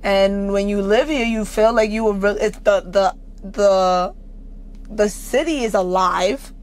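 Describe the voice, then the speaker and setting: A woman's voice: medium pitch, measured pace. A woman with a New York accent chatting as a guest actor, blunt and brash, laughing often and swearing freely. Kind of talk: casual chat.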